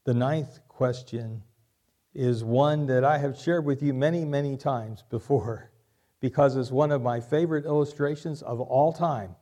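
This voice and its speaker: A male pastor delivers a sermon in a voice of ordinary pitch for a man. He works through rhetorical questions and often says a key line twice. His preaching moves at a measured pace. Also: dark tone. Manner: repeats key lines, asks rhetorical questions.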